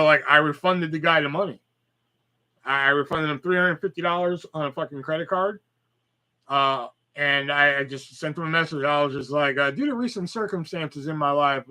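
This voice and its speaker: Young man, podcast host, casual profane storytelling, bright and slightly high voice. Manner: profane, rambling storytelling with quoted dialogue. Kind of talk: casual live-stream chat.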